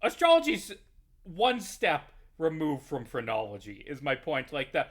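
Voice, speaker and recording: Ranting, profane man with a high voice. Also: big pitch swings, normal speed, fairly bright tone. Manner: heated, profane, rambling rant. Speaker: YouTuber playing a game. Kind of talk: ranting gameplay commentary.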